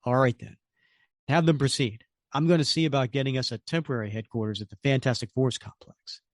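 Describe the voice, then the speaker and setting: Man reading a calm, commanding hero. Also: mid-range voice, brisk, dry recording, clean studio sound, close to an everyday voice. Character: calm heroic male leader giving orders.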